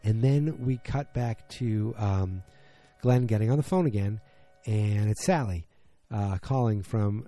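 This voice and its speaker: A man's voice: fairly low pitch, a little slow, mellow, soft background music. A man hosting a podcast from his home basement, recapping an episode casually with lots of fillers and restarts. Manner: rambling, many fillers and restarts. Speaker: podcast host.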